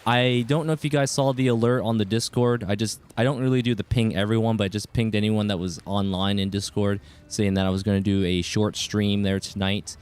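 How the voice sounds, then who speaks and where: A man hosting a live game stream, chatting casually and warmly greeting his viewers by name. His voice sits a little low and comes across smooth and clean. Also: fairly even intonation, brisk, hardly any pauses.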